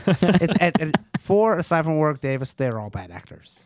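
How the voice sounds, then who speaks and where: An American man co-hosts a podcast, dropping in quick facts and corrections in an offhand way. His pitch moves around a lot as he talks, and the sound is close and dry. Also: very animated, dry recording. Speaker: podcast co-host. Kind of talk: casual podcast chat.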